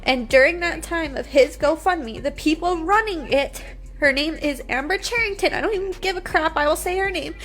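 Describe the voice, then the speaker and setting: A woman's voice: very high-pitched, normal speed, fairly bright tone, faint music behind. A woman in her twenties, crying as she talks in an upset, defiant livestream monologue on her phone. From United States. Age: 20s. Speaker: reality TV personality.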